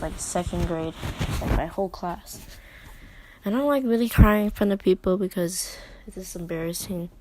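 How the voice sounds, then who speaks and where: A woman's voice: on the low side, darkish tone. Hesitant young girl telling a story. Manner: hesitant, halting, many fillers and restarts. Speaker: vlogger. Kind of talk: personal storytelling vlog.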